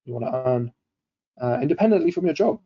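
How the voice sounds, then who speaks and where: A man's voice: fairly high pitch, expressive, fast talker, slightly rough, highs cut off. A man hosting a live online coaching session, upbeat and chatty, reading out viewers' comments as he goes. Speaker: webinar host.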